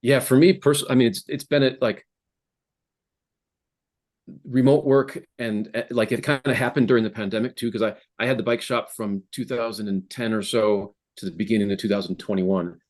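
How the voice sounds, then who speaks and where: A man's voice: fairly low pitch, fairly even intonation, normal speed, darkish tone. A man speaking as a guest in a casual interview over a video call from his home office, hesitant with frequent restarts. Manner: hesitant, many restarts and fillers. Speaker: app founder guest.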